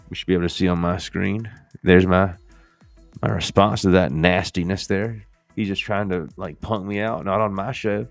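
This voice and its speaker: A man's voice: low voice, steady tone, normal speed, vocal fry, dry recording, faint music behind. A male podcast host in a casual, playful demo chat, joking and talking to the viewers as folks.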